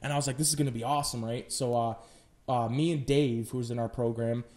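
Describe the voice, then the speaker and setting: A man's voice: medium pitch, fast talker. A young man, a film student guest on a podcast, telling stories in casual chat with plenty of fillers and swearing. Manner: animated storytelling with lots of filler and swearing.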